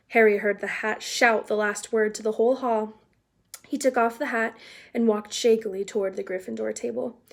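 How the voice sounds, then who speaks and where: A woman's voice: fairly high pitch, fairly even intonation, moderate pace, creaky. Chatty woman reading aloud to kids. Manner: chatty, explains words for young listeners. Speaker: read-aloud narrator. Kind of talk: casual children's read-aloud.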